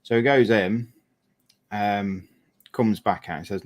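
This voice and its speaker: A man's voice: on the low side, measured pace, long pauses. A man, a lorry driver, chatting casually while painting a model and telling a rambling story, often correcting himself.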